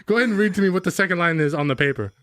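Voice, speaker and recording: A man's voice: high-pitched, rapid-fire, fairly bright tone, no room sound, clean studio sound. A young man co-hosting a comedy podcast, acting out a bossy, exasperated film director with frequent laughter. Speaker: podcast co-host. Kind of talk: improvised comedy sketch, playing a film director.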